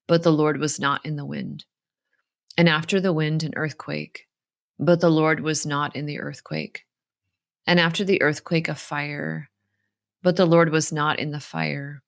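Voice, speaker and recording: Nun co-hosting a faith podcast, gravelly voice, calm measured reading. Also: female voice, low voice. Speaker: podcast co-host, religious sister. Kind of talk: scripture reading and casual chat.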